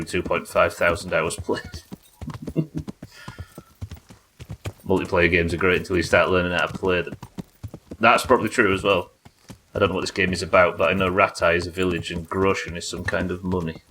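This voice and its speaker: A man's voice: level tone, moderate pace, long pauses, bright, forceful tone, a little hiss or hum. A man streaming a game live, chatting casually and swearing, yelping in tense fights. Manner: casual, profane, jokey; yelps high in tense fights. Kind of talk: live gameplay commentary.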